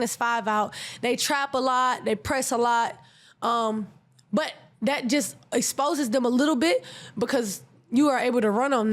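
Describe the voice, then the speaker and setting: A young woman talks through her own podcast in a quick, casual monologue full of slang. Her voice sits high, and she often trips over and repeats words as she races ahead. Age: young adult. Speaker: podcast host and college basketball player.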